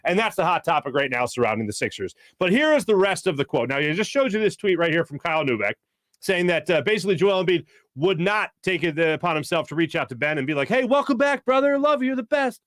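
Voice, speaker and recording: Animated high-voiced sports talk host. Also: male voice, fast, dry recording, clean studio sound. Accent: Philadelphia. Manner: animated, jumps into voices for quotes. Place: studio.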